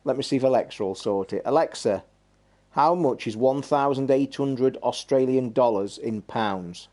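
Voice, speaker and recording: A man's voice: mid-range voice, moderate pace, dark tone. A man hosting a gaming live stream, chatting in a rambling, blunt and sweary way. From England. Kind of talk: casual live-stream chat.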